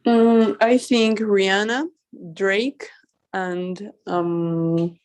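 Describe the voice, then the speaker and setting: Slow, hesitant woman learning English. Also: mid-range voice, steady tone, a little mellow. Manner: hesitant, searching for words, shy laughs. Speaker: English student. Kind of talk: answering a teacher's questions.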